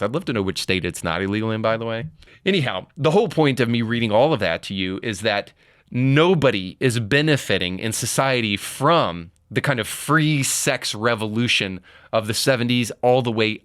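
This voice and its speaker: A blunt male podcast host, reading quotes aloud and then editorializing in a low voice. The sound is dry and close, with no room around it. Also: a bit bright, no echo. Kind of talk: opinion commentary.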